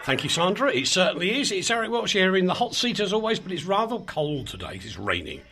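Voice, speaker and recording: A man's voice: sits high, very animated, quick pace, pushed and bright, slightly rough, soft background music. Rambling chatty male radio host. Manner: chatty, rambling, self-mocking. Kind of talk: casual radio banter. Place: small radio studio. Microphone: studio microphone.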